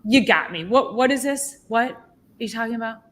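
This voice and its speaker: A man's voice: very high voice, brisk, a bit bright, slight background noise. A woman mimicking a scoffing cranky doctor. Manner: scoffing, curt. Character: dismissive cranky male doctor.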